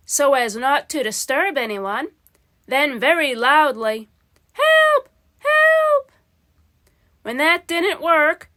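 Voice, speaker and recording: A woman reading a children's storybook aloud in a gentle, unhurried way. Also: sits high.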